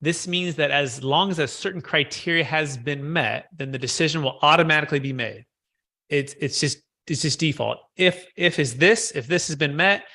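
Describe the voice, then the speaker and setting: Male sales trainer, bright and a bit high-pitched, coaching and repeating key points. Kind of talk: live training session.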